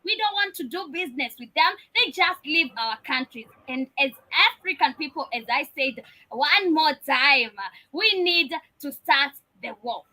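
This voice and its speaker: A woman host speaks with emphatic passion. Her voice is high and bright. She stops often on "uh" before pressing on. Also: lively intonation, measured pace, hardly any pauses, poor audio. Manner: impassioned, emphatic, says "uh" often. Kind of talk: talk show commentary.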